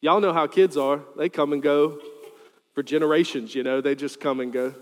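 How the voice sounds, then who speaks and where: A male pastor preaching a sermon, animated, with joking asides and sudden loud quoted lines. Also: fairly high pitch, normal speed, big-room sound.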